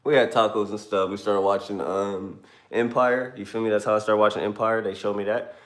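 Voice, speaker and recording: Livestreaming from his car, a man rambles through a long, profane story in a casual, conversational way. His voice sits on the low side, stays steady, and moves a little fast, with a roomy echo around it.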